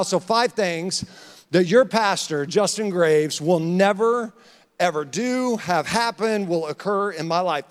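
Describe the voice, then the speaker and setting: A man's voice: sits high, big-room sound. A man preaching a sermon as pastor, emphatic and joking, calling out to his congregation. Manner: emphatic, calls out to the congregation, jokes. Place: church sanctuary.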